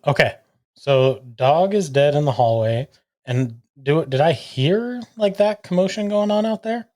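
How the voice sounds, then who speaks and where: A man's voice: fairly high pitch, animated, unhurried, dark tone. A man playing in a tabletop game, checking the rules and eager to attack. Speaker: player. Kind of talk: tabletop game play, casual chat.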